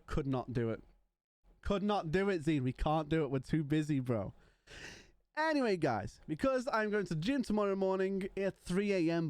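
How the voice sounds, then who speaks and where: A man's voice: fairly high pitch, darkish tone, smooth, dry recording. Bantering young male streamer, dry mic. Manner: playful, joking banter with chat. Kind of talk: casual live-stream chat.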